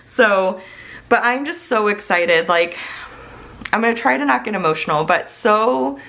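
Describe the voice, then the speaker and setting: A woman's voice: medium pitch, animated, unhurried, gravelly, sharp tone. A woman in her thirties chatting casually to her viewers, gushing and laughing, with filler words all through and a throat strained from coughing. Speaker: small business owner and host. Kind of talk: casual chat.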